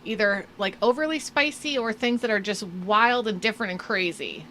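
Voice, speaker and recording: A woman's voice: mid-range voice, normal speed, a bit bright, slight background noise. A woman co-hosting a live stream chat, speaking in a friendly, encouraging way and laughing often. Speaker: co-host.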